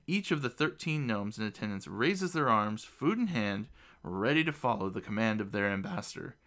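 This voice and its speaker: A man narrating a fantasy storybook in an expressive, lively reading voice. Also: fairly low pitch, normal speed.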